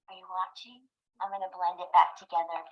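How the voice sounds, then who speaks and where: A woman teacher in a classroom, slowly and patiently guiding children through words. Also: on the low side, little pitch movement. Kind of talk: small-group classroom instruction. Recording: muffled classroom video.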